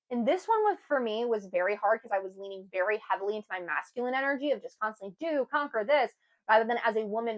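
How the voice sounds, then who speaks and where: A young woman giving an earnest, emphatic self-help talk to camera, with sudden lively bursts. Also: on the high side, low-quality recording. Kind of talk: casual motivational talk to camera.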